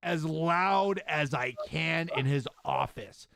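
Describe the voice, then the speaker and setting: Animated, slightly high-voiced man telling stories. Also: slow pace, vocal fry, no room sound, clean studio sound. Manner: animated storyteller, says "right?" and "dude" often. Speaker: podcast host and wrestler. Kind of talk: casual chat, storytelling.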